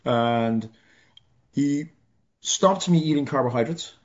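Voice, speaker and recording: Halting Irish man telling his story. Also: medium pitch. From Ireland. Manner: reflective, halting, self-deprecating humor. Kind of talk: personal story in conversation. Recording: slightly dull lo-fi sound.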